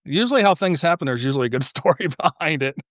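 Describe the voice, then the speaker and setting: A man in casual podcast conversation, telling stories with lots of "you know". He swings his pitch up high whenever he acts out what someone said. The mic is close and dry. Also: fast, no room sound. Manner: animated storyteller, acts out quotes in a higher voice. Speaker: podcast guest, car YouTuber.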